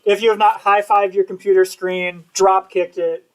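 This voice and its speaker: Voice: medium pitch, flat delivery, normal speed, noisy background. Chatty, upbeat event host. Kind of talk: live talk.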